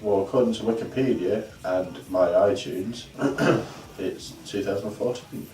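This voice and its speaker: A man with a low, slightly mellow voice talks slowly, trading dry, sarcastic banter as a co-host reviewing albums on a vlog. The casual chat happens in a home room with a fireplace, recorded with a distant mic that sounds roomy and picks up faint background noise.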